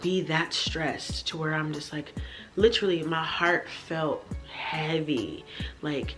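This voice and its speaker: A young woman talks to her camera from her bedroom, her low voice worn down by a stressful day. She speaks candidly and swears freely, addressing her viewers directly. A faint music bed plays under her talk. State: tired and stressed. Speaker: vlogger, mother.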